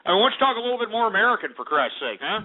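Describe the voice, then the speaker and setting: A man's voice: high voice, sing-song, racing, a little hiss or hum. A man from Texas hosting call-in talk radio, brash, mocking and profane. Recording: tinny phone-like line.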